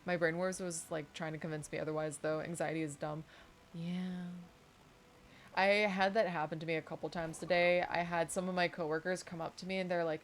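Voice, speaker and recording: A woman's voice: lowish voice, steady tone, a little fast. Chatty, giggly woman streamer. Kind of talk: casual chat while gaming.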